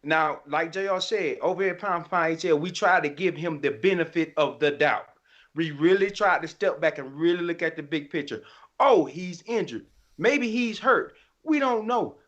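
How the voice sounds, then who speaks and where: A man's voice: fairly high pitch, expressive, normal speed, a bit bright. A man co-hosting a sports podcast, ranting in a fired-up, emphatic, colloquial way. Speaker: podcast co-host. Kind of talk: heated sports podcast rant. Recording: slightly dull lo-fi audio.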